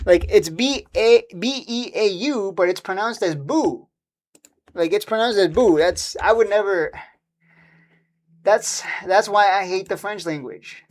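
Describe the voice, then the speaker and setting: Rambling male stock streamer. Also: high-pitched. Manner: rambling, quick to laugh and get annoyed. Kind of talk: casual live-stream chat.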